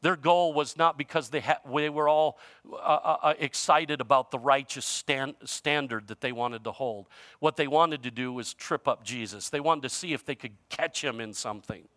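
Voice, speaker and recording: A male pastor preaching a sermon in a conversational way, using informal grammar, his voice shifting from loud emphasis to quiet. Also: mid-range voice, normal speed, no echo, studio quality.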